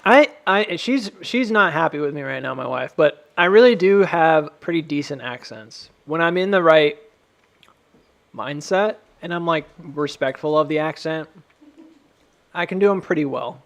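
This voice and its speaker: A man's voice: fairly high pitch, lively intonation, moderate pace, gravelly. An American man hosting a live stream from home, chatting casually, rambling and laughing often at his own jokes.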